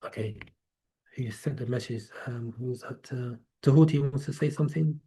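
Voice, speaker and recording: An English man hosts a live question-and-answer session at a medium pitch. He talks casually and rambles, circling back and restarting as he explains. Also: normal speed, mellow. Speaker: host of a live Q&A.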